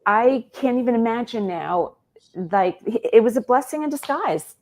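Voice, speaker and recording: A woman, a guest on an interview show, telling a personal story in an animated way and acting out bits of dialogue. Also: fairly high pitch, a little slow, a little hiss or hum.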